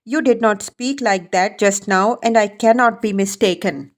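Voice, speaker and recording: A woman's voice: mid-range voice, normal speed, lightly acted. A woman reading the part of a proud, furious young male ex-student who speaks haughtily and insistently. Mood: indignant.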